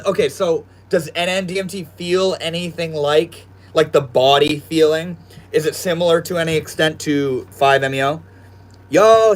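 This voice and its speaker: A young man hosting a casual livestream from his room at home, chatting with viewers in a laid-back, slangy way. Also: fairly high pitch. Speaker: livestream host. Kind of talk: casual livestream chat reading viewer comments.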